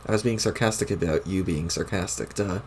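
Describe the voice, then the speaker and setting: A man's voice: low voice, brisk, darkish tone, slight background noise. A man voicing a smug, scheming young female troll while reading a webcomic aloud, with a mocking tone.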